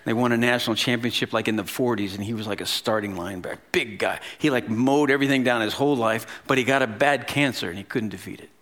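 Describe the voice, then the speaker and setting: A man's voice: mid-range voice, quick pace, few pauses. Man in his fifties preaching a story-driven sermon. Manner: conversational, animated storytelling with casual asides. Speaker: pastor.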